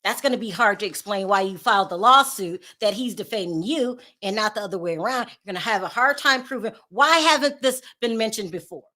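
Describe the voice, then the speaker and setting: A woman's voice: mid-range voice, fairly quick, few pauses, bright, forceful tone. A woman hosting her own commentary show, talking casually with sarcastic, sassy asides and laughing at her own remarks. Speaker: commentary vlogger.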